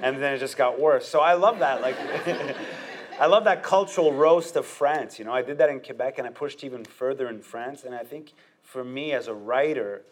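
Man, comedian, interview guest, casual talk, mid-pitched voice, animated, laughs often. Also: normal speed, slight background noise.

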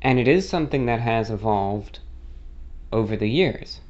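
A man's voice: medium pitch, expressive, normal speed, darkish tone, lo-fi sound. A man from the United States with a faintly non-rhotic American accent, answering a listener question as host in a rambling, self-correcting story. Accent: American with a mildly non-rhotic, slightly British-like lilt. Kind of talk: casual monologue.

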